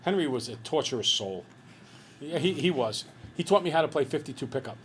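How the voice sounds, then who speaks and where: A man's voice: on the high side, expressive, a little fast, fairly bright tone, slight background noise. A middle-aged man teaching a math class, telling jokey stories and acting out little voices. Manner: playful, jokey, acts out voices in anecdotes.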